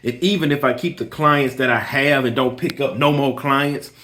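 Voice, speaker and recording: A man's voice: mid-range voice, fairly even intonation, normal speed, fairly bright tone. A man who runs a lawn care business, giving a motivational personal talk. He speaks emphatically, often restarts and repeats phrases, and tells a story with quoted dialogue. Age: adult with kids. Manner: emphatic, repeats himself, keeps saying "listen here".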